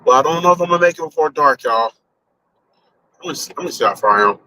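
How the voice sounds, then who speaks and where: Guy talking on a stream from his car, bright sharp voice, rambly, cusses a lot. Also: on the high side, lively intonation, fast, no echo, poor audio. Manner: rambling, loose, swears casually, thinks aloud. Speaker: live streamer. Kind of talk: casual chat while driving on a live stream. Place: in a car on a highway.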